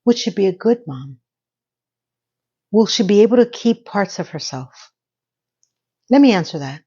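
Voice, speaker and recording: A middle-aged woman talks through a TV episode in a chatty, opinionated way, drifting into heartfelt advice. Her voice sits at an ordinary pitch. The recording is dull and a bit lo-fi. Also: lively intonation, measured pace, dark tone, slightly rough. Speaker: TV episode recapper. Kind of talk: casual episode recap.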